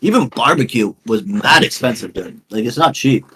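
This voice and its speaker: A man's voice: mid-range voice, lively intonation, normal speed, a bit bright, breathy edge. A young man from New England, co-hosting a podcast in casual chat, rambling and swearing, with "dude" and "like" in most sentences. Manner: rambling, swears a lot, says "dude" and "like" often. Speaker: podcast co-host.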